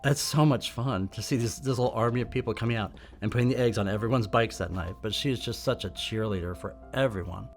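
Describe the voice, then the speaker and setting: A man's voice: on the low side, quick pace, few pauses, soft background music. A man speaking in a documentary interview, enthusiastic and admiring. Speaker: ride volunteer interviewee.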